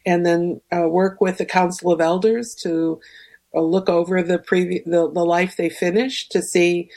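Woman radio guest, gravelly fry in voice, hesitant, fillers. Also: fairly low pitch, steady tone, normal speed, darkish tone. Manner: hesitant, many ums and uhs. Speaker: guest researcher. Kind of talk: radio interview.

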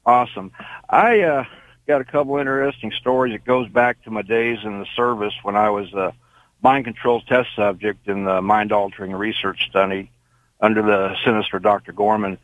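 A man's voice: lowish voice, fairly even intonation, moderate pace, fairly bright tone, dry recording, low-quality recording. An older man calling in from Indiana, telling a long rambling story with many fillers. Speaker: caller. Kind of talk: phone-in call.

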